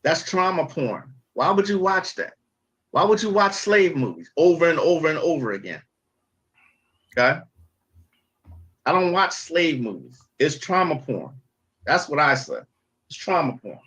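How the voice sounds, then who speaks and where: A man's voice: a little high, very animated, unhurried, pauses often, a bit bright, muffled recording. A man hosting a livestream, ranting casually and stressing his points through repetition, sometimes putting on mock-pompous jargon. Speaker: livestream host.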